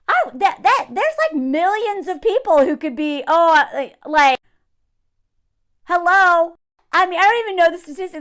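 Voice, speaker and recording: A woman talks through a casual commentary in a high, bright-toned voice. She is sarcastic and exasperated, with plenty of fillers and restarts. She slips into mocking voices when she quotes someone. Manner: mock-reads quotes in put-on voices. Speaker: commentary vlogger.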